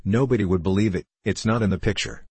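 Male reader voicing a world-weary gentleman detective for an audiobook; husky, dry, ironic. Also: fairly low pitch, fast talker, dry recording. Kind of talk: audiobook dialogue reading.

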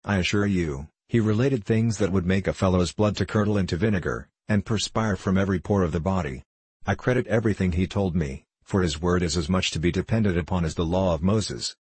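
A hearty, boastful young man spins exaggerated warnings with relish, read by a man in an audiobook. His voice is low and slightly husky. The sound is dry and close. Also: fairly quick, darkish tone, no echo. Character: boisterous gossiping young English man, fond of tall tales.

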